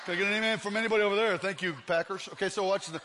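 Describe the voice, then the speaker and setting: A man's voice: high-pitched, fairly even intonation, rapid-fire, background noise. A man in his fifties preaching a sermon in a church, telling comic stories and acting out scenes. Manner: comic storytelling, acts out scenes. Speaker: pastor.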